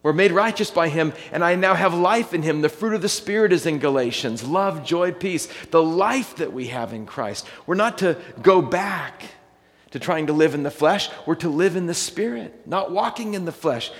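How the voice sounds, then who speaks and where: A man preaching a sermon as pastor, talking conversationally and reading scripture slowly and deliberately. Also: a little high, lively intonation, long reverb tail.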